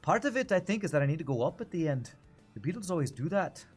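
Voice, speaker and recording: A man's voice: a little high, animated, fast, darkish tone, slightly rough, soft background music. A man streaming a card game, chatting casually and thinking aloud about his moves. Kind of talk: casual gameplay commentary.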